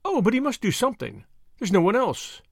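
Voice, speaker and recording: A man voicing a spirited, plucky young Englishwoman in an audiobook, eager and quick to object. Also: high-pitched, huge pitch swings, gravelly, no echo, clean studio sound, voice pushed up, exaggerated voice. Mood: earnest.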